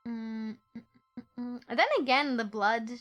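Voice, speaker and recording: A high, bright-voiced woman streams a game, reading its story text aloud between playful, giggly banter with her chat. Faint music plays under her voice. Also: fairly even intonation, measured pace.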